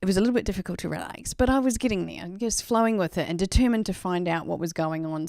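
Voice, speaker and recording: A woman's voice: mid-range voice, creaky, darkish tone, dry recording, studio quality. An Australian woman hosting a live stream, telling a story in a rambling, chatty way full of "like" and "you know.".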